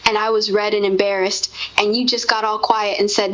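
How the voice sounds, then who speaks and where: A woman in casual conversation with her partner, telling their shared story in an animated way. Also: medium pitch, fairly quick, lo-fi sound. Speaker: co-host recounting a shared memory.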